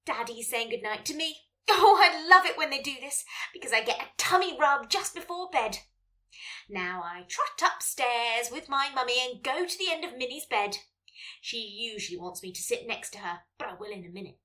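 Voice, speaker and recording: A woman reading as a playful two-year-old family dog, chatting like a diary with excited barks. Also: on the high side, moderate pace, far from the mic.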